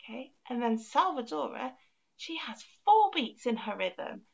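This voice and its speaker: A woman's voice: high voice, very animated, measured pace, creaky, lo-fi sound. A woman teaching an online music class for young children, counting beats aloud and encouraging them.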